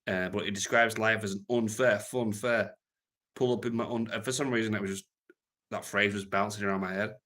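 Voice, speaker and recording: A man's voice: fairly low pitch, pushed and bright. A British man hosting a casual livestream, answering viewer comments in a rambling, crude, joking way. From Britain. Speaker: livestream host reading chat. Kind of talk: casual unscripted livestream chat.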